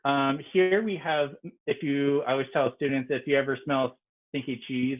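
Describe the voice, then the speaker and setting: A man's voice: medium pitch, fairly even intonation, normal speed. A man, a native English speaker, teaching an online French lesson in a casual, explanatory way with frequent ums. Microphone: video call. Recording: tinny video-call audio.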